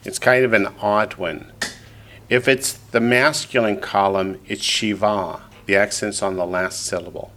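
A man's voice: on the low side, steady tone, moderate pace, a bit bright, slight background noise. A man teaching a classroom lesson who repeats each student's answer back and then explains it patiently, step by step. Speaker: Hebrew teacher.

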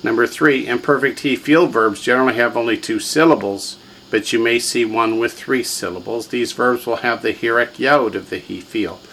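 A man's voice: mid-range voice, normal speed, a bit bright, slight background noise, poor audio. A man teaching a classroom lesson, drilling students with repetition and quiz questions. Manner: drills students, has them repeat words, quizzes them. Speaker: language teacher.

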